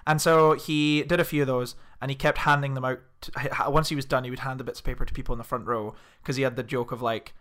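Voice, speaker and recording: A man's voice: mid-range voice, steady tone, quick pace, few pauses, fairly bright tone. A young man hosting a podcast, telling a story in casual chat and laughing often. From Scotland. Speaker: podcast host.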